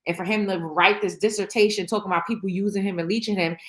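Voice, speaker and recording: Speaking quickly in a steady, fairly bright mid-range voice, a woman hosts her own candid reaction vlog. She rambles straight to camera, blunt and emotional, swearing freely and restarting often amid plenty of fillers.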